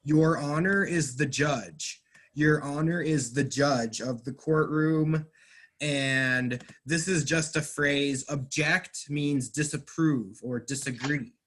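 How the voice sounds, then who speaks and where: A male English teacher leading a class, his voice sitting a little high. He speaks slowly and patiently, spelling out meanings clearly and encouraging his students as he goes. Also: a bit bright. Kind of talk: online class recap.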